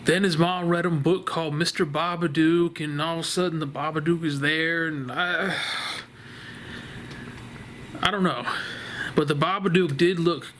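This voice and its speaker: A man's voice: a little high, steady tone, moderate pace, pauses often, a bit bright, a little hiss or hum. A man casually reviewing a horror movie from his couch at home, rambling and laughing, blunt and profane. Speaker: vlogger reviewing a horror film. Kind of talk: casual spoken film review. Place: living room couch at home.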